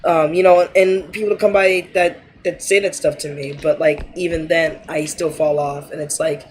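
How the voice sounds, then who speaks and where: A man talks casually while playing a game, circling his thoughts with fillers and restarts. His voice sits a bit high. A faint hiss of background noise runs under him. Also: level tone, normal speed. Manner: rambling, hesitant, many fillers. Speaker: streamer. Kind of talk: casual chat while gaming.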